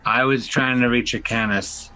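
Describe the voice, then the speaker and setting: A man's voice: mid-range voice, fairly even intonation, normal speed, sharp tone, rough recording. A man playing a tabletop game, casual and wry, cracking jokes in character. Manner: joking, wry. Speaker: player.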